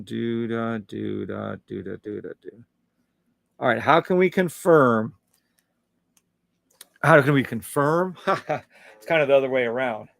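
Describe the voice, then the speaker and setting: Humming and scatting as he scrolls charts, a man runs a live trading stream with a casual, upbeat, salesy style, reading out comments from viewers. His medium-pitched voice carries vocal fry, recorded dry.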